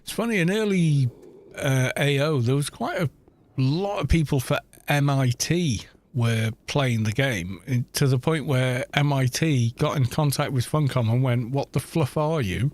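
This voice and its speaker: A man's voice: mid-range voice, a little slow, darkish tone. A middle-aged British man chatting casually while streaming a game, rambling through anecdotes and swearing now and then. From Britain. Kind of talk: casual chat while gaming.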